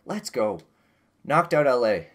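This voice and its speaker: A young man casually commentating his own video game season, getting loud when excited and muttering when disappointed. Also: medium pitch, slow. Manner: excitable, swings between yelling and muttering. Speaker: gaming YouTuber.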